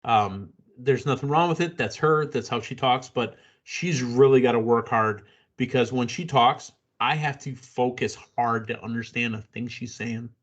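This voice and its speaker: A man's voice: medium pitch, normal speed, highs cut off. A man hosting a casual wrestling podcast, blunt and opinionated, rambling through his takes. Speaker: podcast host.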